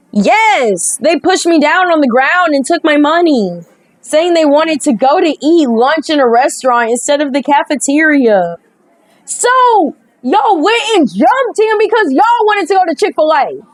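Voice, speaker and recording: A woman's voice: high voice, no echo, rough recording. A young woman, a gaming creator, reads a dating sim aloud and reacts with sassy, joking commentary, often stumbling over her words. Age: young adult.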